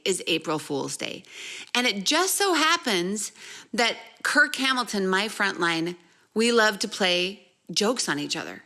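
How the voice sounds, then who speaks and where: A woman in her thirties or forties, a mentor and essential oil seller, telling a personal anecdote in a lively, animated way and acting out the quoted lines. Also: medium pitch. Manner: lively, acts out each quote, quick asides.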